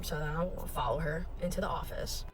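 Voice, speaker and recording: A woman's voice: deep voice, a little fast, faint music behind. A woman telling a casual storytime rant about her job, heated and profane as she recounts it. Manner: heated, profane, animated retelling. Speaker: restaurant kitchen worker telling a story.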